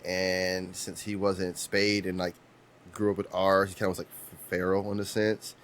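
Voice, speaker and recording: A man's voice: low voice, little pitch movement, normal speed, a bit bright, a little hiss or hum. A man in his thirties, co-hosting a podcast, telling rambling stories with restarts and casual swearing. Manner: rambling storyteller, frequent restarts, swears freely. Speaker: podcast co-host.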